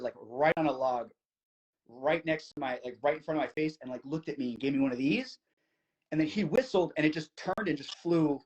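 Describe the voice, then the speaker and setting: A young man from New Jersey, a podcast guest, telling a story in casual chat, fast and eager, full of "like" fillers. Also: fairly high pitch, rough recording. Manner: excited, fast, many "like" fillers.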